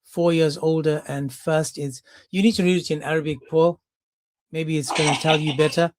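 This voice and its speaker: A man's voice: fairly high pitch, steady tone, normal speed, noisy background. A man hosting a heated live-stream debate, combative and mocking, often cutting others off. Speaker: debate host.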